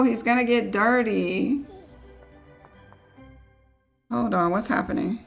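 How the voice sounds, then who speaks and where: A woman's voice: a little high, slow pace, creaky, pauses often, a bit bright, soft background music. A woman streaming a life-sim game, chatting casually and teasing her characters as she plays. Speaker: gaming streamer. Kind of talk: casual let's play commentary.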